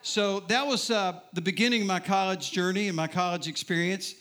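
A man's voice: high voice, fairly even intonation, fairly quick, fairly bright tone. A middle-aged man preaching a sermon, telling his own story with humor and putting questions to the crowd. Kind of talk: sermon testimony.

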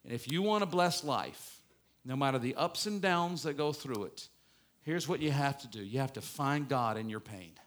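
A man preaching a sermon as a pastor, swinging between loud emphatic passages and quiet reflective ones. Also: mid-range voice, animated, moderate pace. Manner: preaching with strong rises and falls, mock-gloating asides.

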